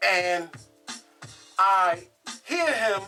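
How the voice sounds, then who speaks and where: A woman casually telling a true story in an animated, profane way, laughing as she goes. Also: medium pitch, extremely slow, faint music behind.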